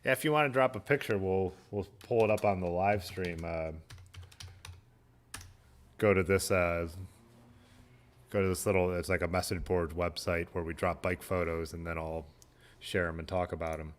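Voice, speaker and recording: A man's voice: sits low, fairly even intonation, normal speed, pauses often. A man, hosting a casual livestream, reading viewer comments aloud and chatting in a laid-back, rambling way. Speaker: livestream host.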